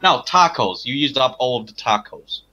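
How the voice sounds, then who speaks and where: A man running a tabletop game for friends, laid-back and quick to laugh, often stammering and restarting. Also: medium pitch, animated, muffled recording, crowd noise. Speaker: game master.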